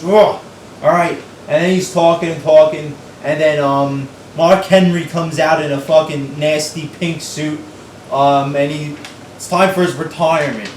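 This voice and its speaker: A man's voice: fairly high pitch, steady tone, unhurried, distant mic, a little hiss or hum. Profane, ranting young man in an echoey room. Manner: profane, exasperated, sarcastic. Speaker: wrestling show reviewer. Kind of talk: ranting show recap.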